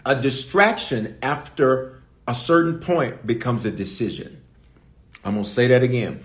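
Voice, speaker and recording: A man's voice: medium pitch, normal speed, echoey room. A man preaching a sermon as pastor, emphatic, repeating key lines and calling out to his audience. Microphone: streamed online service.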